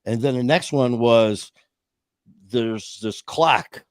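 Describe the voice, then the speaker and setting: In a slow, mid-range voice, a fifties-aged man rambles through casual stories, performing the voices of people he quotes and frequently starting sentences over. The recording is dry and of studio quality.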